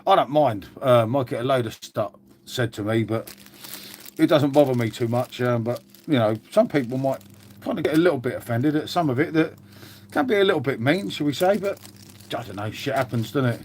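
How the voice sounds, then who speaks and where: A man's voice: medium pitch, lively intonation, brisk, darkish tone, a little hiss or hum. A man chatting casually on a live stream, rambling and laid-back, swearing freely and calling everyone mate. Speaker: livestreamer answering chat.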